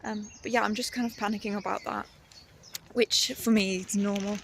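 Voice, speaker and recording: A woman, chatting casually in her vlog and laughing often as she talks herself calm. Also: medium pitch, normal speed, vocal fry, a little hiss or hum. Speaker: artist vlogger. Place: outdoors on a walk, then at home.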